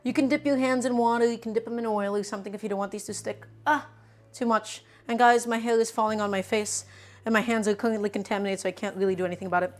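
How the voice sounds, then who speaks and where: A woman's voice: a little high, steady tone, fast. A young woman talks her way through a home-kitchen cooking stream in a loose, chatty voice. She jokes with viewers and answers their questions as she works. Faint music plays behind her. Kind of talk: casual live-stream cooking chat.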